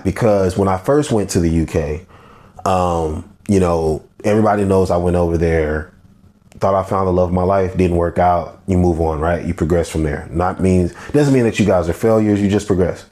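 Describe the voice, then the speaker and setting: Male podcast host, Texan country accent, very low voice, blunt and candid, unscripted. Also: dark tone. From Texas, USA. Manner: candid and blunt, loose and conversational. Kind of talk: solo podcast monologue.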